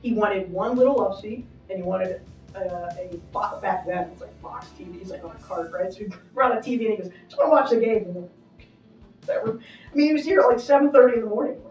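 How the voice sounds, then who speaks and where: A chatty, upbeat middle-aged woman talks casually with plenty of fillers. Her voice sits at an ordinary pitch and is picked up from a little way off. A big echoey backstage space rings around her, with faint music underneath. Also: quick pace, a little mellow, far from the mic. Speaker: arena manager giving a backstage tour. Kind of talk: casual walking interview. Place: backstage in a large indoor arena.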